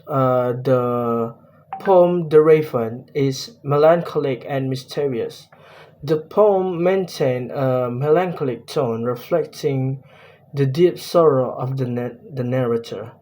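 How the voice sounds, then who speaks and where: Slow, hesitant young man presenting. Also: medium pitch, darkish tone. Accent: Indonesian. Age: young adult. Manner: hesitant, many fillers and restarts. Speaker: student presenting a poem analysis. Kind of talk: spoken class presentation.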